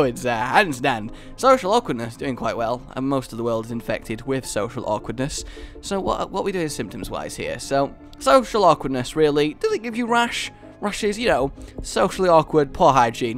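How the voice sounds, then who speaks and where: A man's voice: on the high side, a bit bright. A man from Scotland doing joking let's-play commentary, talking to himself and the game and laughing often. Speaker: gaming YouTuber.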